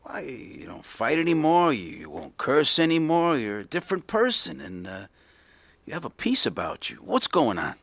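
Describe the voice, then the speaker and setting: A man playing a gravelly, puzzled father. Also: a little high, big pitch swings, moderate pace, fairly bright tone, no room sound, heavily acted. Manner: hesitant, questioning. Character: puzzled older father, gentle and searching.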